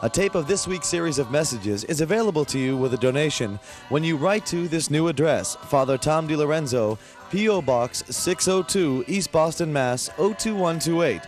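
A male radio announcer with a slightly higher voice reads a closing script at a measured, even pace. Faint music plays behind him. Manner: clear, measured read of contact details.

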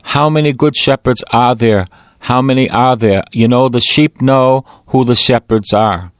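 A middle-aged priest preaching a sermon, emphatic and repetitive, with a preacher's cadence. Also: male voice, mid-range voice, measured pace, no echo.

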